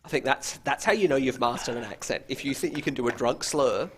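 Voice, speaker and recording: A man's voice: mid-range voice, fairly quick, a bit bright, slight background noise. A man co-hosting a live quiz, making dry teasing asides. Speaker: quiz co-host. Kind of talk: live-streamed banter.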